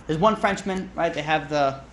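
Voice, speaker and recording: A man's voice: a little high, moderate pace, fairly bright tone, a little hiss or hum. A man, a rabbi, teaching an informal class in a chatty, joking way, often asking "right?" and "you know".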